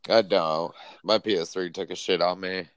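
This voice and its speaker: Very deep-voiced man, dry close sound. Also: steady tone, normal speed, dry recording, dull audio. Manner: rambling, profane, laughs a lot. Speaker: podcast co-host. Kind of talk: casual chat.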